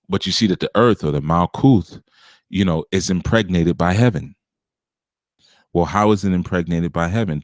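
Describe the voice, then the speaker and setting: Low-voiced man giving a casual spiritual talk. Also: no room sound, studio quality. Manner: conversational, with frequent asides like "you know" and "you see"; chuckles now and then. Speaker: spiritual teacher.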